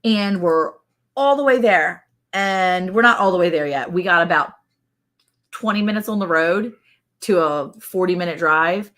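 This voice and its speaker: A woman's voice: lowish voice, unhurried, a bit bright. A woman co-hosting a casual live stream, telling stories in a chatty way and laughing often. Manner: chatty storyteller, laughs a lot. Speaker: livestream co-host. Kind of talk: casual chat.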